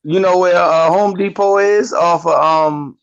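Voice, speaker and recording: A man's voice: sits high, fairly even intonation, measured pace, dull audio. A man in casual chat with friends, insistent and giving directions.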